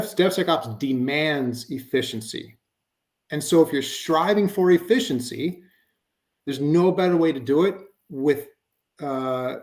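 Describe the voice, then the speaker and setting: A man giving a conversational webinar presentation, explaining with frequent fillers like "you know" and "um.". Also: mid-range voice.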